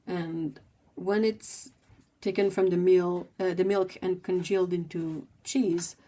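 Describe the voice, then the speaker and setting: Chatty woman, lowish voice. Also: steady tone, slow pace, warm tone. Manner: chatty and rambling, many fillers. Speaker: livestream host. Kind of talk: casual chat while painting.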